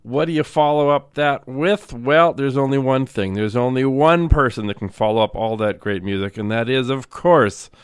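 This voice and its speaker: Smooth-voiced radio DJ man, dry studio sound. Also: medium pitch, moderate pace, few pauses, no echo. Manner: rambling, joking, loose with fillers. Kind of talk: casual on-air banter between songs.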